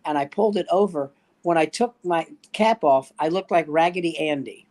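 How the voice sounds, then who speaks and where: A man's voice: fairly high pitch, normal speed, a little mellow. An older man, a standup comedian, telling rambling anecdotes in casual chat with acted-out quotes.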